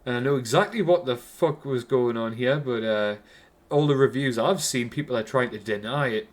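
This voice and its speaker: Geordie man, casual film-review rant, heavy swearing, mid-pitched voice. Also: normal speed. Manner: swears constantly, rambling with restarts.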